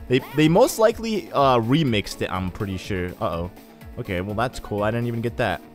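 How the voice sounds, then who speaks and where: A young man casually commenting on a racing game as he plays, rambling and chatty with sudden excited bursts. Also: medium pitch, brisk. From Egyptian heritage. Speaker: let's play host. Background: faint game music.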